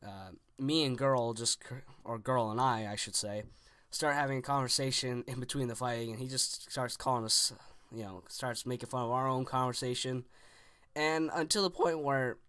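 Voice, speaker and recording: A man's voice: mid-range voice, fairly even intonation, normal speed, fairly bright tone, dry recording, clean studio sound. Rambling young man telling a story. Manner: rambling, full of "like" and restarts. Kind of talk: casual spoken story.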